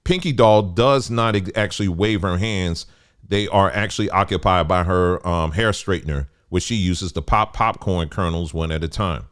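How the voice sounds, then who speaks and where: Low-voiced man reading with heated asides. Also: normal speed, fairly bright tone, clear, resonant tone. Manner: conversational, stops to add remarks, gets heated. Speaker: commentary host. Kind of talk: reading an article aloud with commentary.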